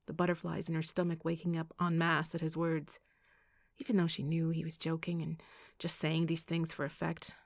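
A woman narrating a romance audiobook in an expressive storytelling manner. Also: deep voice, vocal fry, dry recording, clean studio sound. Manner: expressive storytelling, also voicing the heroine Kate. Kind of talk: scripted narration.

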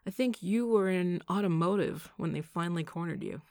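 A woman's voice: on the low side, a little fast, darkish tone, dry recording, clean studio sound, natural voice. A woman reading the part of a playful, teasing young man in an audiobook, speaking grandly and boisterously.

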